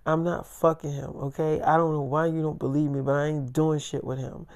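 A man's voice: a little high, level tone, a little fast, darkish tone, lightly acted. A man voicing an adult woman who is defensive and pleading, with lots of swearing, in a casual spoken story.

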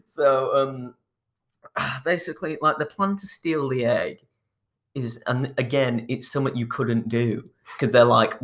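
Guy rambling through a movie plot, mid pitch, keeps restarting sentences and chuckling. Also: a little slow, a bit bright. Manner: rambling, restarts often, chuckles while telling. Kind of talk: casual chat, retelling a film plot.

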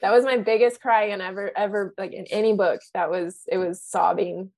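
A young woman guest on a podcast, chatting in a relaxed, conversational way. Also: medium pitch, a little fast. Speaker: guest designer. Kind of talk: casual chat.

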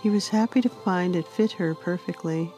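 A woman author narrating her own fantasy storybook in a gentle, unhurried reading. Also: fairly low pitch, faint music behind.

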